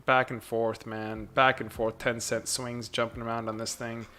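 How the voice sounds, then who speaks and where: Streaming his stock trades live, this man with a mid-range voice keeps up a loose, mumbled narration aimed half at himself, half at viewers. He repeats little phrases over and over, then suddenly flares into brief excited outbursts.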